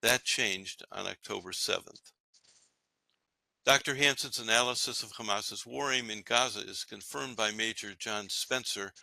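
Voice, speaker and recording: Male host, scripted commentary, emphatic; low voice, bone-dry close sound. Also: creaky, pushed and bright, no echo, low-quality recording. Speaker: podcast host. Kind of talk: read-aloud scripted commentary.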